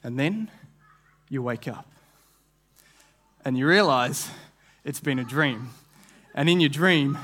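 A man's voice: a little high, fairly bright tone. A young man preaching a sermon, telling a vivid story with frequent restarts and repeated words. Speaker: guest preacher.

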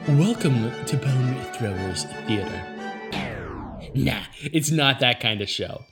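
A man reads a podcast promo in a slow, lively voice with lots of pitch movement. Music plays clearly under his voice. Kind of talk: scripted promo read.

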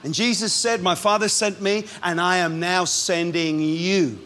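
High-voiced man preaching a lively sermon. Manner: lively, punchy preaching with quick asides and laughs. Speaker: pastor.

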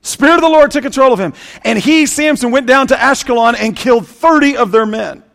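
Man, pastor, sermon, high voice, dramatic storytelling, loud and hushed swings, sarcastic asides. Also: fairly quick, creaky.

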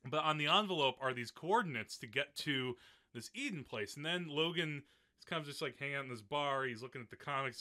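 A male podcast host in a casual film chat, with a very bright, sharp-edged voice that sits a little high. His pitch moves around in a lively way, and he fills his talk with "um" and "like" and laughs often. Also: fast. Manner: chatty, laughs often, lots of fillers.

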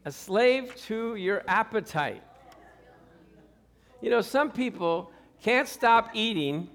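A man's voice: high voice, expressive, unhurried, long pauses, a bit bright. A middle-aged man preaching a sermon as pastor, telling stories and acting out the people in them, often laughing. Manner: storytelling, acts out quoted people, laughs often.

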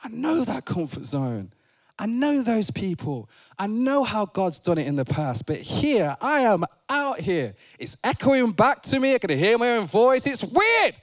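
A man delivers a sermon in a playful, conversational way, his fairly high voice leaping up and down with animation. He speaks to his church with a lively, joking energy. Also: unhurried. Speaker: preacher. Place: church sanctuary.

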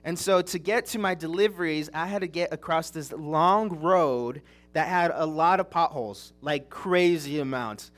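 A young man delivers a sermon in an earnest, chatty storytelling manner, and his voice sits a little higher than most men's. He is from Southern California. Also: moderate pace, fairly bright tone. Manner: earnest, conversational storytelling with restarts. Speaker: preacher.

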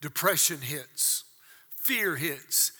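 A man in his sixties preaching a sermon as pastor, dramatic, dropping to hushed asides and rising to shouts, with rhetorical questions to the congregation. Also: a little high, animated, very slow, slightly rough. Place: church auditorium. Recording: long reverb of a large church hall.

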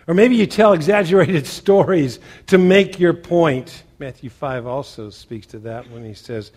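A man preaching a sermon to a church congregation, asking listeners rhetorical questions and swinging between loud emphasis and quiet asides. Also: fairly high pitch, unhurried. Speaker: pastor.

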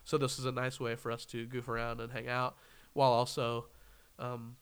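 A man's voice: mid-range voice, completely flat delivery, moderate pace, gravelly, clear, resonant tone. Joking man hosting a podcast. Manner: jokey, laughs often, rambling. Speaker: podcast host. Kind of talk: casual interview chat.

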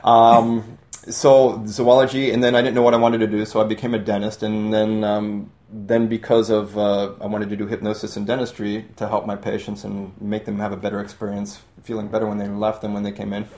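A man's voice: fairly low pitch, brisk. A man, a hypnotherapist and dentist, speaking as a guest in a casual radio interview, telling stories about his career with joking asides. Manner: relaxed storytelling, joking asides.

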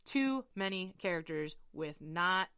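A woman's voice: fairly low pitch, lively intonation, a little slow, pushed and bright, clean tone, dry recording, clean studio sound. A woman co-hosting a comedy podcast, reacting in a wry, exasperated way. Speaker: podcast co-host. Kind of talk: casual comedic banter.

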